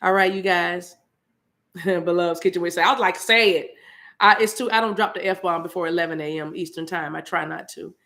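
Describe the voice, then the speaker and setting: A woman's voice: on the low side, steady tone, brisk, fairly bright tone. A woman from the eastern United States, preaching spontaneously to a live chat, fervent and repetitive, breaking into speaking in tongues. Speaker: spiritual livestream host.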